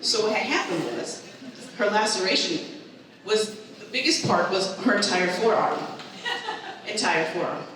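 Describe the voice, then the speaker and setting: A woman performing an animated stand-up routine, acting out her family as she tells the story. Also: mid-range voice, normal speed, long pauses. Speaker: stand-up comedian. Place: live comedy show with a crowd. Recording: echoey hall from far off.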